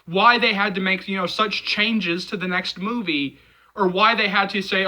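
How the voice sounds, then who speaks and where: A man's voice: high-pitched, normal speed, pushed and bright, low-quality recording. A man hosting a movie channel, talking passionately in casual video commentary, with lots of fillers and repetition.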